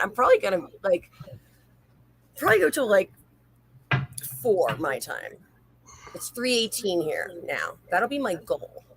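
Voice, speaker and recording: Raspy late-night livestream host woman. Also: medium pitch, fairly bright tone, rough recording. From North Carolina, USA. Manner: reads viewer comments aloud and chats, laughs easily.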